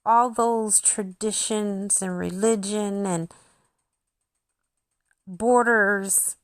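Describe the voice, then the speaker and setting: Speaking very slowly at a medium pitch, this thirty-something spiritual channel host keeps her intonation fairly even. Her casual monologue is intimate and addressed to viewers, with quotes acted out along the way. It's a dry, clean studio recording.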